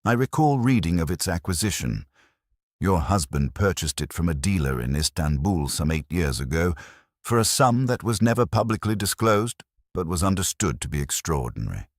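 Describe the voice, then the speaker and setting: A man voicing a shrewd, fastidious older Belgian detective who speaks precisely and courteously and drops in French phrases. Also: deep voice, big pitch swings, no echo, studio quality.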